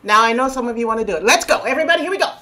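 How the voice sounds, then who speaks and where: A woman's voice: a little high, animated, very fast, pushed and bright. A woman leading a body percussion lesson over a video call, playful and coaxing, counting and chanting rhythms aloud. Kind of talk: live online teaching. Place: home room on a video call.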